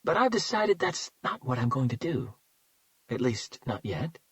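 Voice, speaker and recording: A man's voice: medium pitch, big pitch swings, unhurried, dry recording. A man doing a cold throaty kidnapper. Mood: cold threatening. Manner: threatening, clipped. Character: cold menacing adult male kidnapper.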